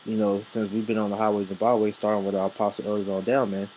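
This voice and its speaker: A man's voice: fairly low pitch, level tone, fast, darkish tone, a little hiss or hum, poor audio. A man giving a religious lesson in a casual, loose way, with many fillers. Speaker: religious teacher.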